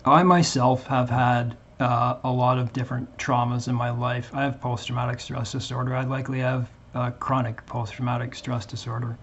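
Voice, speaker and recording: A man talking earnestly to his viewers as a Christian channel host, in a halting way with frequent restarts. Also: medium pitch, flat delivery, lo-fi sound, a little hiss or hum. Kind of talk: earnest casual monologue to viewers.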